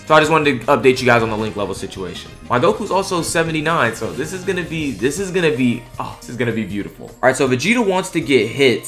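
Hyped young man doing game commentary. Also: mid-range voice. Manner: hyped, swears, slangy, shouts at big hits. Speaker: mobile game streamer. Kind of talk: excited gameplay commentary.

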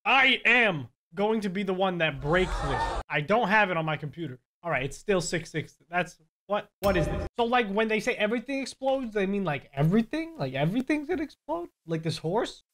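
A man's voice: high voice, moderate pace, hardly any pauses, slight background noise. A young man giving playful, jokey gameplay commentary, yelping and laughing as he plays. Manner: animated, jokey, yelps and laughs often. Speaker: gaming YouTuber.

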